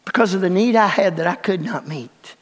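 An older man preaching a sermon in a church, swinging from hushed lines to shouts. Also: high voice, a little fast. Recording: long reverb of a large hall.

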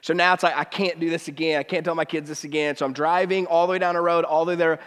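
A man in his thirties preaching a sermon, telling a personal story with lively swings between hushed and excited delivery. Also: a little high, fast talker, clean tone, long reverb tail. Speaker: pastor.

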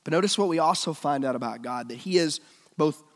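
A male preacher giving a sermon, swinging between loud emphatic lines and hushed, almost whispered ones. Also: a little high, brisk, big-room sound.

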